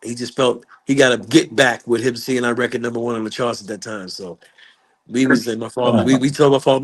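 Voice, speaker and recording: A man in an interview telling a story with lively energy, acting out the voices of the people in it. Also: mid-range voice, fairly quick. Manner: acts out quoted voices, curses, lively delivery. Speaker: guest musician. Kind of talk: animated storytelling.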